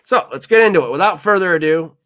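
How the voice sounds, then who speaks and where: A man's voice: sits high, lively intonation, fast, a bit bright. A man hosting a podcast, telling a kitchen story in a loose, rambling way full of swearing and fillers. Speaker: podcast host. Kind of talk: casual storytelling chat.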